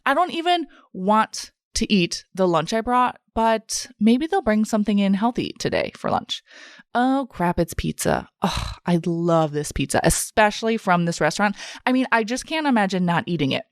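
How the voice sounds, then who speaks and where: A woman's voice: mid-range voice, very animated, moderate pace, no room sound, studio quality. A woman voicing a fretting dieter's inner voice. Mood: self-arguing. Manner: frets and argues with herself. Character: stressed dieting woman's inner voice, self-critical.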